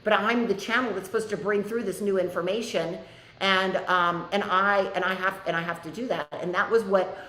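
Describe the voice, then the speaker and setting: A woman's voice: mid-range voice, steady tone, moderate pace, a bit bright. Woman teacher chatting candidly in a live class, kinda echoey room sound. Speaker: spiritual teacher hosting an online class. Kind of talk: casual live class talk.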